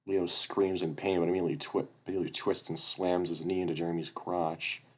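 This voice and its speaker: A man's voice: low voice, flat delivery, brisk. A man reading a visual novel aloud in a casual way, swearing and breaking off for his own asides.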